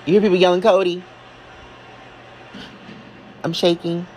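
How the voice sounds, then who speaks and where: A man reacting live as a fan, excitable and emotional, talking casually and sassily to his viewers. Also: on the high side, unhurried, slight background noise, low-quality recording. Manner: casual and sassy, calls listeners y'all and honey. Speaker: wrestling fan vlogger.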